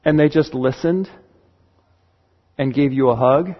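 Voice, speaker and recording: A man, a church elder, preaching a sermon in an earnest, pastoral way with slow, emphatic pauses. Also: mid-range voice, dull audio.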